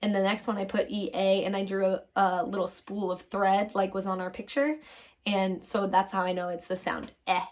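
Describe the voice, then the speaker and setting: Woman teacher, mid-pitch, cheerful, drawn-out phonics sounds for little kids. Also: little pitch movement, a little mellow. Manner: upbeat, exaggerated sounding-out, calls students my friends. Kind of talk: phonics lesson for young children.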